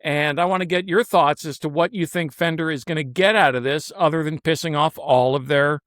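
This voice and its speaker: A man's voice: on the high side, brisk, a bit bright, no echo, clean studio sound. A man in casual chat, blunt and opinionated, swearing freely as he makes his case.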